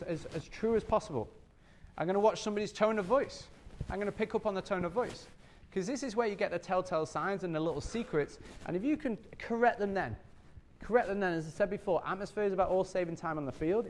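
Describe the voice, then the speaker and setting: A man leading a sales training workshop, energetic and repetitive, often acting out customer scenes as he talks. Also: high-pitched, fast talker, slight background noise.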